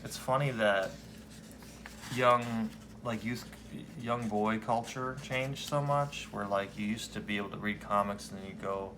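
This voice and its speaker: A man's voice: fairly low pitch, unhurried. A man hosting a podcast, chatting in a playful way and reading comics aloud, with faint background noise. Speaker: podcast host. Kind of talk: casual chat and comic read-aloud.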